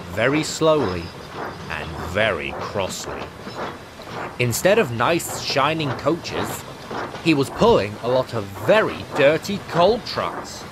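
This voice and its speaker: A man narrating a children's storybook in an expressive, animated reading. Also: mid-range voice, background noise.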